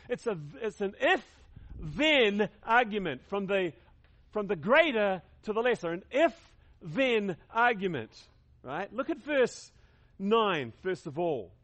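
A man's voice: high voice, a bit bright. A man preaching a sermon to his congregation, emphatic, repeating key words and leading them in call-and-response. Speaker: pastor.

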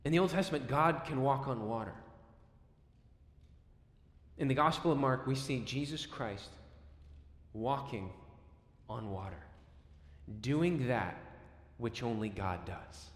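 A man preaching a sermon, telling the story dramatically with sudden swings between loud and soft. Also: mid-range voice, slow pace, long pauses. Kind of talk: expository sermon. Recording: echoey hall with long reverb.

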